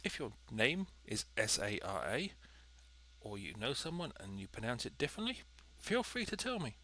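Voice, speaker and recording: A man's voice: medium pitch, sing-song, moderate pace, bright, forceful tone. A man giving chatty, dry, methodical commentary while playing a cooking game. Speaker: let's play host. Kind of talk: gameplay commentary.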